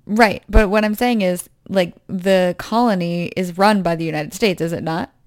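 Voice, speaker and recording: A woman's voice: fairly low pitch, normal speed, darkish tone, dry recording, clean studio sound. A woman co-hosting a podcast, ranting in a casual, chatty way and laughing often. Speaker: podcast co-host. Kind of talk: casual chat.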